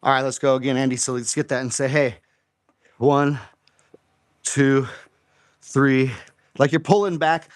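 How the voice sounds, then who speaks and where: A man's voice: mid-range voice, smooth, no room sound, studio quality. Man coaching a home workout live. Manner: encouraging, counts reps aloud. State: slightly out of breath. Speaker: fitness host.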